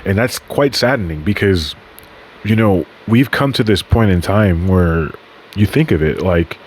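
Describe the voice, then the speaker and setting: A man's voice: sits low, expressive, measured pace, a little hiss or hum. A man hosting a podcast in a casual, rambling monologue, swearing freely and often correcting himself mid-sentence. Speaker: podcast host.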